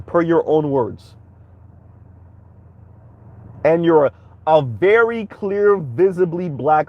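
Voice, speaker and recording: A man's voice: fairly high pitch, muffled recording. A man hosting a commentary stream, reacting bluntly and heatedly while speaking straight to his viewers. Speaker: commentary channel host.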